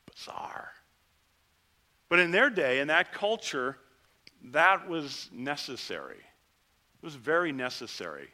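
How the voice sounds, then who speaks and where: A middle-aged male pastor giving a conversational sermon, swinging between lively rises and quiet drops. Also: medium pitch.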